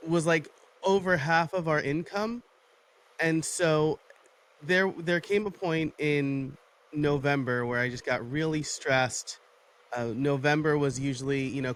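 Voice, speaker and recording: A man's voice: medium pitch, a bit bright. Reflective man telling his story as a guest. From New York. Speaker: podcast guest. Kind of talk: casual interview talk.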